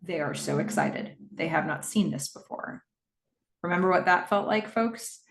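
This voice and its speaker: Woman doing a chatty episode recap, lowish voice, kinda echoey room. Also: normal speed, slight background noise. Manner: animated, laughs often, acts out the characters' lines. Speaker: podcast host recapping a TV episode. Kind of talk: casual scene-by-scene recap.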